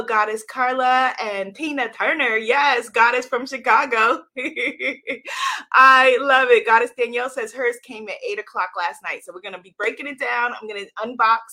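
A woman's voice: on the high side, pushed and bright. A woman hosting a live stream as an author, talking casually with viewers, upbeat and greeting them by name. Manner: upbeat, laughs often, greets viewers one by one. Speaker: livestream host and author.

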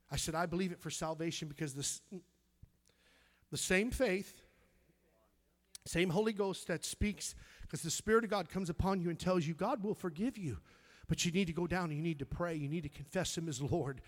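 A middle-aged man preaching a fervent sermon, swinging from loud exclaiming to soft, near-whispered storytelling, repeating words when moved. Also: on the high side.

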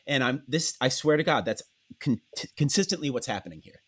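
A Canadian man chatting casually as a podcast co-host, telling animated stories with swearing and acted-out voices. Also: mid-range voice, a little fast, slightly rough. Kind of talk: casual chat.

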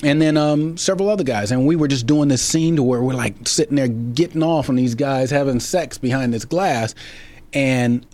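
A man's voice: mid-range voice, moderate pace, darkish tone, no echo. A man being interviewed about his acting career, telling stories in a rambling way with many restarts and fillers. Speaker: actor guest. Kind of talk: casual interview storytelling.

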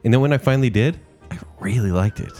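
A man co-hosting a casual movie review chat, enthusiastic and quick to laugh. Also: mid-range voice, a little mellow, faint music behind. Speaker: co-host.

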